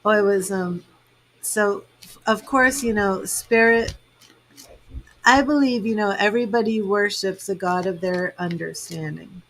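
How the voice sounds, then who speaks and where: Slow-talking emotional woman tarot reader. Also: mid-range voice, a bit bright, slight background noise, low-quality recording. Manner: emotional, rambling, many fillers. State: tearful. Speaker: tarot reader and psychic medium. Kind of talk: live-stream chat with viewers.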